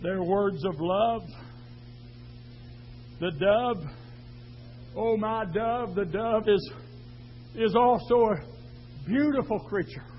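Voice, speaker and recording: A male preacher delivering a sermon, moving between hushed tender passages and shouted outbursts. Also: sits high, slow pace, long pauses. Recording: dull lo-fi echoey hall with hum.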